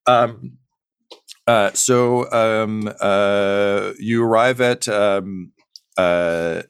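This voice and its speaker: Low-voiced game master, rambling. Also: male voice, fairly even intonation, very slow, clean tone, dry recording. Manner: rambling, full of ums and uhs. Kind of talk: narrating a tabletop game.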